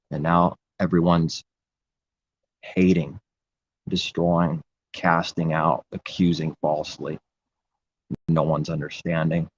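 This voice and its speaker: A man's voice: low-pitched, muffled recording. A man preaching in an impassioned, rambling religious monologue, repeating his phrases.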